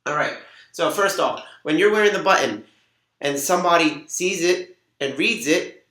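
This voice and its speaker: A man's voice: fairly high pitch, moderate pace, bright, forceful tone. A man hosting an instructional video, coaching viewers in an upbeat way and acting out sample conversations. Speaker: host and weight-loss coach. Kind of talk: instructional talk to camera. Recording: echoey room.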